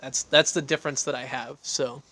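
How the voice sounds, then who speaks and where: A man's voice: medium pitch, steady tone, moderate pace, sharp tone, dry recording. A man hosting a casual livestream from an outdoor deck, talking into a phone on a selfie stick. He rambles, makes fun of himself and answers viewer questions as he reads them. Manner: rambling, self-deprecating, reads and answers chat aloud.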